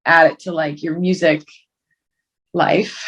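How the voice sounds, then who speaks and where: A woman's voice: low-pitched, little pitch movement, slow, fairly bright tone, husky, poor audio. A young woman from Toronto, a singer, chatting over a video call in a rambling way with lots of "like" and restarts. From Toronto, Canada. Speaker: guest singer.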